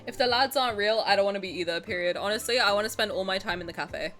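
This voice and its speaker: A woman's voice: medium pitch, rapid-fire, fairly bright tone, faint music behind. A young woman streamer chatting casually with her viewers as she reacts, gushing and often breaking into laughter.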